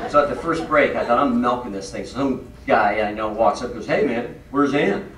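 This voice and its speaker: A man's voice: medium pitch, a little fast, heavy background noise. A man telling comic stories on stage to a live audience, acting out the dialogue with shifting voices. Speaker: comedic speaker. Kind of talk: storytelling stand-up on stage. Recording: echoey hall, mic at a distance, loud audience.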